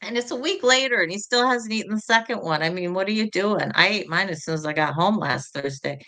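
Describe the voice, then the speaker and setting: A woman's voice: mid-range voice, a little fast, sharp tone. A middle-aged woman hosting an online community call in a chatty, rambling way, greeting viewers by name. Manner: chatty and rambling, reading viewers' names aloud. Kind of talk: casual chat.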